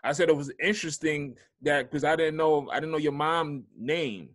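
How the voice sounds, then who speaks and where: A man interviewing a guest, asking questions in a halting way full of fillers. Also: fairly high pitch. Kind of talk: casual interview.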